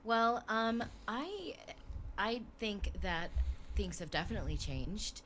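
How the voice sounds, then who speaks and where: A woman's voice: medium pitch, big pitch swings, slow pace, a bit bright, slight background noise. A woman voice actor chatting as a guest on a livestream, hesitant with many fillers and effusive thanks. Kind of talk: casual chat on a video call stream.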